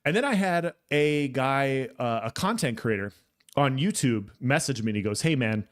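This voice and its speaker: A man co-hosting a gaming podcast, telling a long story in a casual, animated way with lots of fillers and restarts. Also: mid-range voice, moderate pace. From Texas. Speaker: podcast co-host.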